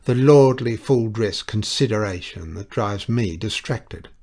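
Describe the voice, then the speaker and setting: A proud young society wife, cutting and lazily mocking, as a man reads her in an audiobook. The voice stays fairly low, only lifted a little for her, and it sounds like a plainly read storybook rather than full acting. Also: unhurried, darkish tone, slightly rough. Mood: scornful.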